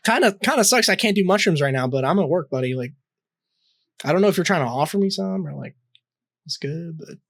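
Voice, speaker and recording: A man's voice: on the high side, animated, brisk, creaky, dry recording. Rambling young man telling a story. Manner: rambling, swears a lot, many fillers and restarts. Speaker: podcast co-host. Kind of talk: casual storytelling chat.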